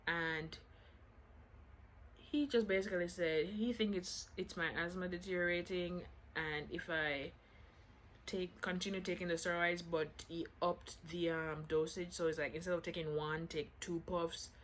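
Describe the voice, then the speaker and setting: A woman with a slightly low voice chats through a personal storytime for her viewers. She keeps slipping in little "I'm like" asides to act out the conversations, with a faint hiss under the recording. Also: steady tone, a little slow. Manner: chatty, acts out quotes with "I'm like" asides. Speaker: vlogger telling a story. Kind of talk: casual storytime chat.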